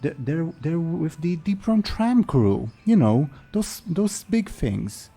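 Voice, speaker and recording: A man voicing a fussy noblewoman who rambles and calms her friend in a tabletop game. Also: fairly high pitch, takes it slowly, slightly rough, voice pushed up, exaggerated voice. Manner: fluttery, rambling.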